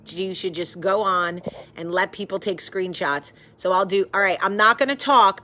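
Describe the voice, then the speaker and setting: A woman's voice: medium pitch, pushed and bright. A woman from the hosting a casual live video chat with viewers, effusive and chatty. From American South. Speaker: host.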